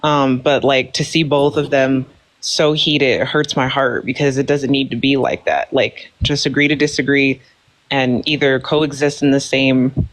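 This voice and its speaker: A man joining a casual live stream chat, hesitant and conciliatory, filling pauses with likes and ums. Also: mid-range voice, level tone, a bit bright, rough recording. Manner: hesitant, conciliatory, many fillers.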